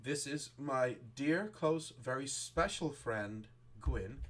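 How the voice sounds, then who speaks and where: A man's voice: mid-range voice, animated, takes it slowly. A man voicing a wealthy, affectionate noblewoman in a tabletop game. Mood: doting. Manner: warm, doting, genteel.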